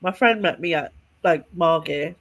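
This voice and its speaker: A woman's voice: fairly low pitch, unhurried, vocal fry, a bit bright. A woman, telling a story in casual podcast chat, rambling with restarts and small laughs. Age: 40s. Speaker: podcast co-host.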